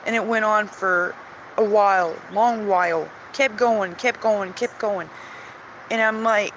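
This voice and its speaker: A woman's voice: mid-range voice, normal speed, a bit bright, poor audio. Earnest rambling woman, faint vehicle hum. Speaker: vlogger sharing religious visions. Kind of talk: emotional personal monologue.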